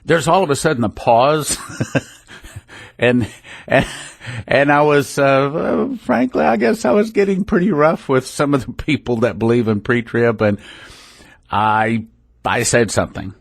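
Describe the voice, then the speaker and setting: His gravelly, medium-pitched voice moves at a measured pace with long pauses, in a dry recording from a studio microphone. He hosts a religious radio program, chatting casually in a folksy, rambling style that keeps breaking off and restarting.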